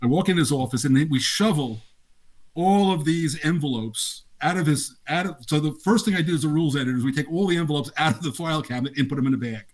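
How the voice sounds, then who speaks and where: An older man tells animated stories from his years as a game designer, laughing often as he goes. His voice sits a little high for a man. The talk is a relaxed interview chat. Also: fast talker. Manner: animated, laughing anecdotes with acted quotes. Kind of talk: casual storytelling interview.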